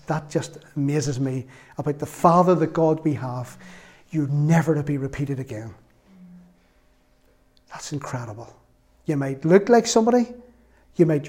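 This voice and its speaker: A man's voice: a little high, a little mellow. A man preaching a sermon, reading scripture aloud with earnest feeling and a self-mocking sense of humor.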